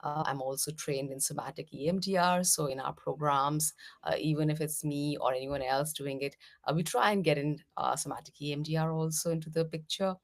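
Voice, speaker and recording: A middle-aged woman from India, a meditation teacher, gently explaining mindfulness as a podcast guest with frequent "uh" fillers. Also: sits low, fairly even intonation, a little fast. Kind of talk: podcast interview answers.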